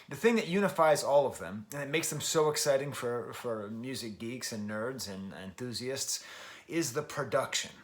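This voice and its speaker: Animated man in his forties reviewing records. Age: 40s. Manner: rambling and self-deprecating, with frequent laughs and restarts; wide swings between loud emphatic bursts and low mutters. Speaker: music review vlogger. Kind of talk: casual spoken record review.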